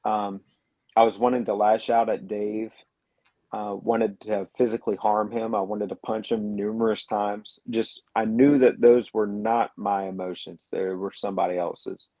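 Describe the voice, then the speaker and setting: A man, a paranormal investigator on a radio show, telling his experiences in an earnest, reflective way with many pauses and fillers. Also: on the low side, little pitch movement, dark tone, no echo. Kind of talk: telling a story in a radio interview.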